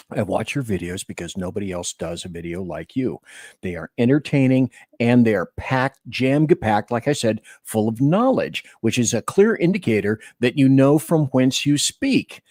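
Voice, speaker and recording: A man's voice: medium pitch, expressive, a little slow, a little mellow, dry recording, clean studio sound. A man hosting a casual chat in an enthusiastic, joking way. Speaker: podcast host.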